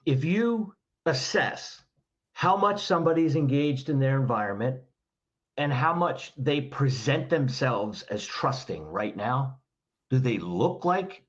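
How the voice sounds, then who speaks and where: A man's voice: a little high, lo-fi sound. A man, a trainer and podcast guest, explaining behavior in a direct, instructive way and firing off rhetorical questions.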